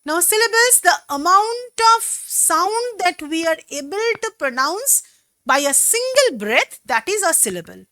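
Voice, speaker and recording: Slow, lively-voiced woman teacher with a Bengali accent. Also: very high voice, no echo, studio quality. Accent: Bengali-accented English. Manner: slow, patient, spells out words syllable by syllable. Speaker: English teacher. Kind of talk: classroom lesson explaining poetry.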